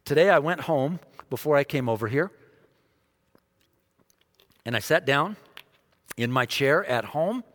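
A man preaching a sermon, dramatic, dropping almost to a hush to stress a point. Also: a little high, animated, measured pace, pauses often. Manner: dramatic, drops to a near hush for emphasis. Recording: long hall reverb.

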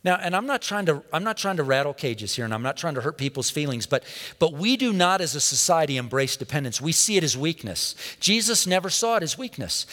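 A man preaching with a fairly high voice. He drives his points home in repeated, emphatic refrains and calls out questions to the congregation. His voice rings with the long reverb of a large hall. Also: fairly bright tone. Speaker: pastor. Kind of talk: sermon.

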